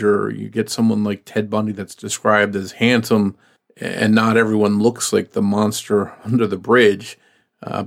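A man co-hosting a podcast, speaking in a measured way with hesitant restarts. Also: on the low side, creaky. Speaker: podcast co-host. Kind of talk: casual podcast discussion.

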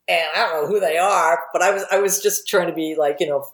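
A woman's voice: fairly low pitch, fast, reverberant. A middle-aged woman telling candid, rambling stories about her TV career as an interview guest, swearing casually. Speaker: guest, TV writer and producer.

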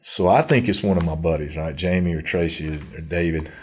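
A man's voice: low voice, brisk, slight background noise. A man, a guest telling a rambling story about his past in an interview. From Mississippi. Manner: rambling anecdotal, acts out quotes.

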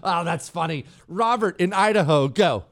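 A man hosting a talk radio show, joking about himself in an animated, self-mocking way. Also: high-pitched, normal speed, creaky. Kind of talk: casual talk radio monologue. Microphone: studio headphones.

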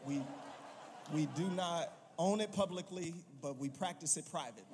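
A male pastor preaching a sermon, telling the story with animated, playful asides and building to emphatic calls. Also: a little high, normal speed, noisy background. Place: church sanctuary. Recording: long reverb in a large sanctuary.

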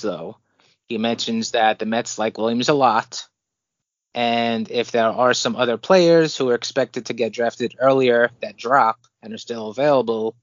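A man co-hosting a casual sports podcast, relaxed, reading out draft news with his own asides. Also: mid-range voice, dry recording, lo-fi sound. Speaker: podcast co-host.

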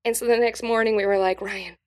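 Animated woman comedian telling stories. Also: fairly high pitch, fast talker. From New Mexico, US. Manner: animated, acts out quoted voices. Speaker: comedian guest. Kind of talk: casual podcast storytelling.

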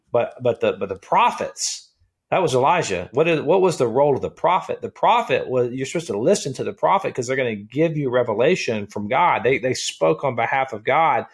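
A man co-hosting a casual Bible study podcast, talking in an animated way and often repeating and restarting his words. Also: medium pitch, breathy edge. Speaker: co-host of a Bible discussion podcast.

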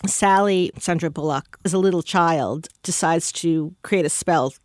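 A widow telling a heartfelt personal story about grief, pausing often. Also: female voice, lowish voice, no room sound, clean studio sound.

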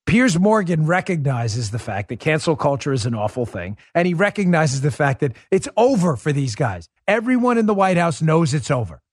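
Man, political show host, sarcastic and emphatic, fairly high voice, dry close sound. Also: big pitch swings, moderate pace, few pauses, no echo. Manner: emphatic, sarcastic rhetorical questions. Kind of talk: opinionated commentary.

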